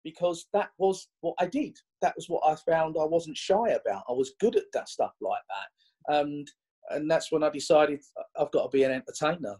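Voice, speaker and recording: A man, a magician guest telling stories in an animated, chatty way with many restarts. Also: a little high, normal speed, slightly rough, rough recording. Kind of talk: conversational interview storytelling.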